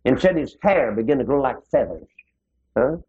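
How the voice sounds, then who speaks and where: A man's voice: mid-range voice, animated, moderate pace, slightly rough. A man preaching a sermon, rising now and then to fervent exclamations. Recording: dull lo-fi recording.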